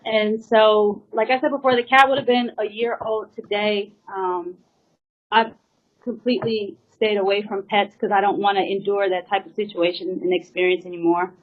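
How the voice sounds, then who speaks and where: A woman's voice: mid-range voice, little pitch movement, moderate pace. A woman drummer giving an earnest, emotional personal account, rambling with many fillers and pleading at times. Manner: rambling, full of "you know" and "like" fillers. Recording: slightly muffled lo-fi recording.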